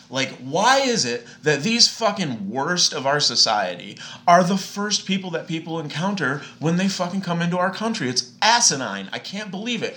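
Guy in his late 30s venting on a podcast, bright forceful voice, lots of cussing. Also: on the high side. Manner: profane, exasperated ranting storyteller. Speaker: podcast guest. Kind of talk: casual podcast chat.

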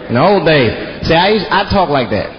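A man from Washington, D.C. doing a stand-up comedy set in a theater, animated and jumping into mimicked voices. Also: fairly high pitch, a little fast. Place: theater stage before a live audience. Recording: muffled live stage recording with loud crowd.

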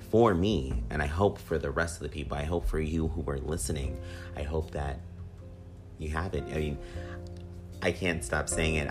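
A man hosting his own podcast in an upbeat, rambling, repetitive way, with a slightly whiny voice. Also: a bass voice. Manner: upbeat, rambling, repeats himself with fillers. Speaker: podcast host. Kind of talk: casual solo podcast monologue. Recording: music playing under the voice. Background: guitar music.

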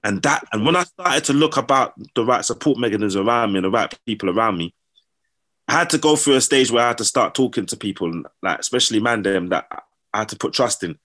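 With a mid-range voice and a fast delivery, a man tells casual stories full of slang, bringing them to life by performing the lines people said.

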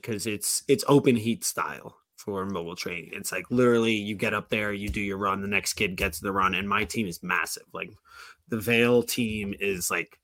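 A man's voice: fairly low pitch, pushed and bright, dry recording. A man co-hosting a podcast, telling a long story in a casual, rambling way with lots of "like" and restarts. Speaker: podcast co-host.

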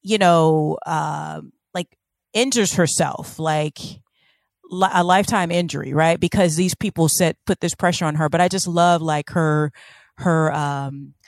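A woman with a lowish voice chats on a podcast, gushing with delight and stumbling as she hunts for the right word. Her talk is full of fillers and restarts. The sound is dry and close, with no room around it. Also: steady tone, a little slow, creaky, dry recording. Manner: gushing, gropes for words, many fillers. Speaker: podcast co-host. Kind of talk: casual chat.

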